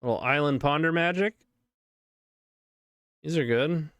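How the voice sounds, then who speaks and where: Casting: male streamer, smooth voice, unhurried delivery, casual running game commentary. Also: fairly high pitch, a bit bright, dry recording, studio quality. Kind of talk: live card game commentary.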